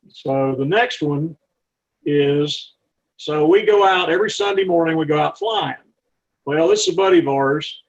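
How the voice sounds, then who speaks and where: A man with a gravelly voice pitched a little high tells flying stories in a rambling, folksy way, often restarting his sentences. It sounds like a casual talk given with slides. The recording is dull and lo-fi. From not from Texas. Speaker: aviator and aircraft mechanic giving a talk. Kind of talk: anecdotal storytelling talk with slides.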